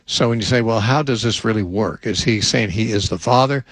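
An older man, a Bible teacher, answering a question in thoughtful unscripted talk with frequent restarts and a slightly husky voice. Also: lowish voice, brisk, no room sound, rough recording.

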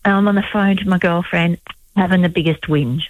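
A woman's voice: fairly low pitch, steady tone, a little fast, no echo, phone-quality sound. Frank woman telling a story.

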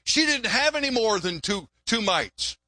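A man's voice: sits high, sing-song, unhurried, bright, forceful tone, no echo. An older pastor preaching a sermon in a folksy, joke-telling way, often repeating his words. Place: church.

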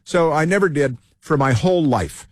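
A man's voice: on the high side, lively intonation, normal speed, no room sound, clean studio sound. A man hosting a talk show, rambling through an opinion monologue with many fillers and restarts. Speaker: radio talk show host.

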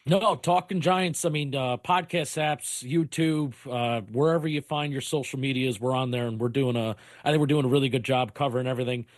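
A man who co-hosts a sports podcast, plugging it in a relaxed way with loose phrasing. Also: mid-range voice, a little fast, few pauses, no room sound, clean studio sound. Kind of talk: casual plug for his show.

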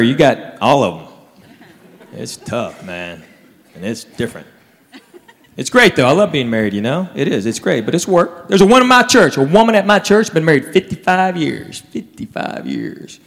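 A man doing a stand-up set, telling stories with animated impressions. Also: fairly high pitch, fairly quick, long reverb tail. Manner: Southern storytelling, animated impressions. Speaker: stand-up comedian.

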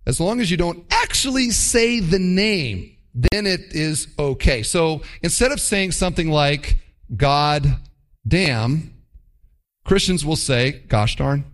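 A man preaching from the pulpit in a voice pitched slightly above the usual male range. His delivery rises and falls widely in pitch. He slips into playful mock quotes to make his points. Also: measured pace. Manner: animated, mock-quoting with playful asides. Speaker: pastor. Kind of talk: sermon.

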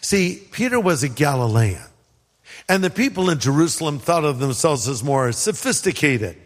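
A man's voice: a little high, big pitch swings, moderate pace. A man from California, a pastor preaching a sermon in a conversational way with joking asides. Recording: long hall reverb.

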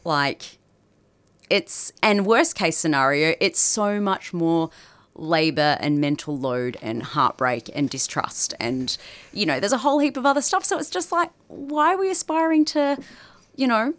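A woman guest on a radio show, talking in an animated, sardonic way. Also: on the low side, measured pace, no room sound. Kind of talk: casual radio chat.

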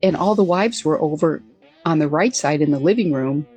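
An older woman, a former military pilot, tells a relaxed, chatty anecdote as a guest on an interview show and corrects herself as she goes. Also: deep voice, moderate pace, slightly rough, faint music behind.

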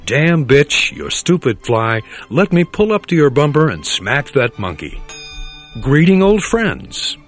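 A man's voice: a little high, sing-song, measured pace, soft background music. A man playing a stiff, overly polite young man in a parody commercial.

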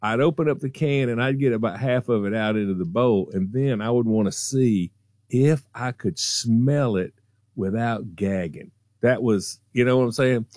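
A man telling a childhood story on a radio talk show, animated and acting out voices. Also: mid-range voice, moderate pace, no echo. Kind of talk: casual storytelling.

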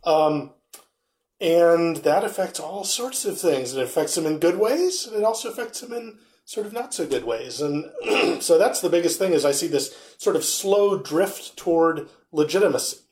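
Lively, higher-voiced man musing casually. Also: normal speed. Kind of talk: casual conversation among friends.

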